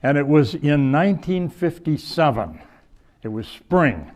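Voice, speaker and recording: A man's voice: on the high side, very animated, unhurried, a little mellow. An older man, a bishop giving a rambling conference talk full of personal stories and self-corrections. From United States. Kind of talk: storytelling lecture. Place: conference hall before an audience.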